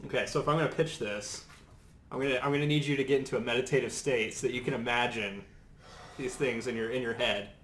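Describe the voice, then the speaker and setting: A man telling a long story-style pitch on a podcast, rambling and laughing, with lots of restarts and fillers, recorded in a studio set. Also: fairly even intonation, quick pace, a bit bright, slight background noise. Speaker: podcast co-host pitching a show idea. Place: studio set full of toys and collectibles. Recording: roomy echo.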